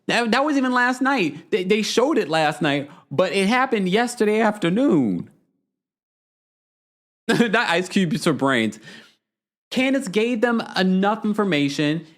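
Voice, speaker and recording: A man's voice: high voice, big pitch swings, a little slow. A man hosting a livestream, chatting casually, bluntly ranting and reading viewer comments aloud. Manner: blunt, exasperated rants. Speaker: podcast host.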